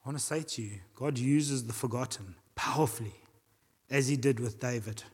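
A man with a South African accent preaching a sermon as pastor, animated, acting out voices and reading scripture aloud. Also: medium pitch, moderate pace, husky. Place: church hall. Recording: long hall reverb.

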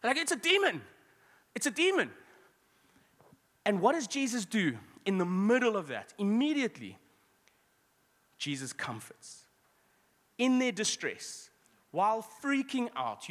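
Guy preaching, slightly high voice, echoey church hall, chatty asides. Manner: lively, conversational preaching with quick asides and restarts. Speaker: pastor. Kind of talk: sermon.

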